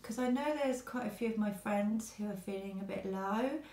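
A woman talking earnestly to camera from her quiet home, pausing often as she speaks. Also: medium pitch, reverberant. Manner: earnest, halting with many pauses. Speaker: vlogger. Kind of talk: personal talk to camera.

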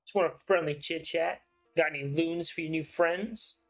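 A man's voice: a little high, fairly even intonation, normal speed, a bit bright, faint music behind. A man reading as a crude taunting thug. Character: crude, picking-a-fight street thug.

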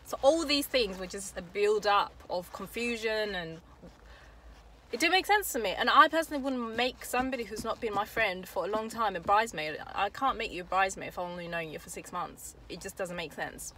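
A woman's voice: medium pitch, lively intonation, fairly quick, fairly bright tone, a little hiss or hum. A woman casually telling a long story to camera while sitting in a car, rambling with restarts and asides. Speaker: vlogger.

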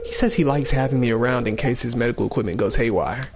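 A man's voice: medium pitch, fast, lightly acted. A man reading out a cheerful young woman villager's game dialogue in a raised voice, with a dull lo-fi mic and faint game music. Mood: chipper.

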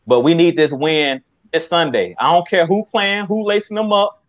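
A man's voice: a little high, normal speed, no echo. A man co-hosting a sports talk show, giving an emphatic, fired-up pep talk. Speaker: podcast co-host. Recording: dry, slightly muffled mic.

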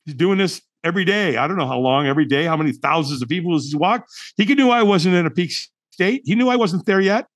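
A middle-aged man who teaches firewalking is a guest on a podcast, talking fast in a slightly high, animated voice. He tells a personal story emphatically and dramatically, firing off lots of rhetorical questions.

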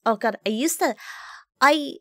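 A woman's voice: high voice, a little slow, pushed and bright, dry recording. A young adult woman streaming live, casually reacting to a game with frequent swearing.

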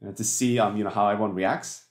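A man with a low-leaning voice preaches fast and with fairly even intonation. As pastor, he addresses the congregation conversationally, asking rhetorical questions amid many fillers and restarts, recorded in an echoey church hall.

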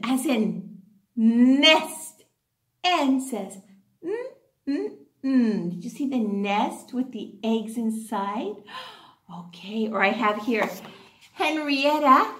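A woman teacher giving a phonics lesson to young children in an animated, sing-song way with excited gasps. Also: a little high. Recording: echoey room.

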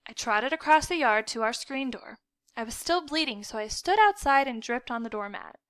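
A woman narrating a novel aloud in the first person with lively, expressive delivery. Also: a little high, brisk, smooth, no echo. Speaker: audiobook reader.

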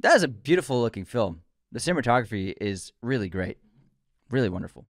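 A man's voice: medium pitch, big pitch swings, fast, dry recording, clean studio sound. A man co-hosting a casual movie podcast, joking, laughing easily and reading a sponsor spot with energy. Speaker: podcast co-host.

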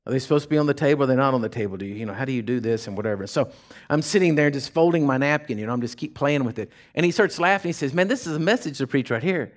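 Delivering a sermon, this male pastor spins folksy tales in a relaxed drawl, moving from quiet asides to fiery shouting. His mid-range voice is animated and racing.

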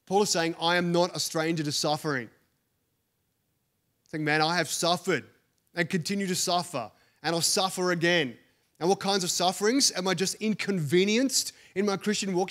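A man's voice: high-pitched, normal speed, fairly bright tone. A man with an Australian accent, a pastor preaching a sermon to a congregation in a church, earnest and building emphasis through repeated phrases.

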